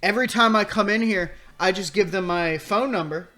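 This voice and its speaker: A man's voice: high-pitched, brisk, pushed and bright. A man voicing a smug, demanding male customer who talks down to staff in a curt, condescending way.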